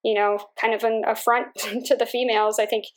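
A woman Marine Corps aviator, answering interview questions in a measured, reflective way with frequent fillers. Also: fairly high pitch, little pitch movement.

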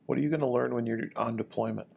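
A man hosting a podcast interview, firing off quick questions in an upbeat, joking way. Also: medium pitch, fairly even intonation, creaky, slightly rough, lo-fi sound. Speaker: podcast host, command chief. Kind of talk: casual interview, rapid-fire questions.

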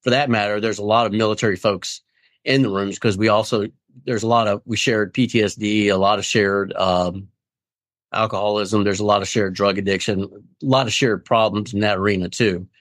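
A man's voice: on the low side, steady tone, moderate pace, fairly bright tone, dry recording, clean studio sound. A middle-aged man speaking candidly as an interview guest, earnest and rambling, often acting out friends' voices. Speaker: guest in recovery.

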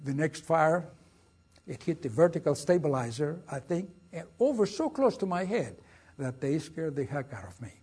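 Husky older Greek-accented man telling war stories. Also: fairly high pitch, moderate pace. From Greece. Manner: lively, dramatic storytelling with acted quotes. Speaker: guest speaker. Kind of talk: storytelling lecture.

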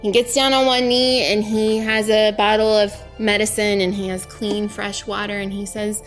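A woman's voice: mid-range voice, level tone, normal speed. A woman, a former aid worker, telling her own story in vivid first person and mostly in the present tense. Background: faint music.

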